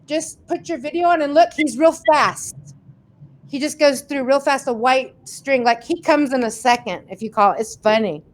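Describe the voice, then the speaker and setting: A chatty woman with a high voice hosts a casual livestream. She reads viewer comments aloud and answers them in a loose, laughing way. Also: moderate pace. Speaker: host reading viewer questions.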